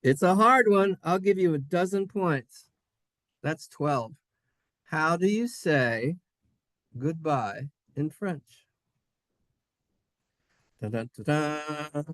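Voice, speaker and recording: A man teaching a Hebrew class, playful and sing-song, sounding out letters and syllables slowly for his students. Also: fairly high pitch, animated, fairly bright tone, dry recording. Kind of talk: classroom lesson. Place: synagogue classroom.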